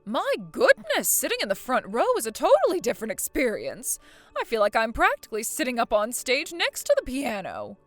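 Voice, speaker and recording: A woman's voice: fairly high pitch, huge pitch swings, a little fast, faint music behind. A woman voicing a scheming, pompous mother-in-law in a voiced story drama, haughty and accusing. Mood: smug. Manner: haughty, accusing, self-pitying.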